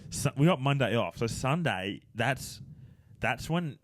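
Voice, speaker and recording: A young man co-hosting a casual podcast, hyping plans with deadpan mock-serious banter. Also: mid-range voice, a little slow. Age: young adult. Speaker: podcast co-host.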